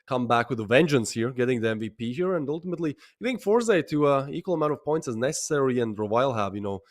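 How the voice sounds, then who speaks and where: A male esports commentator with a mid-range voice, speaking on a headset mic. He recaps the play in a loose, conversational manner and pauses now and then on small hesitations. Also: mid-range voice, expressive. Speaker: esports caster. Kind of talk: live match commentary.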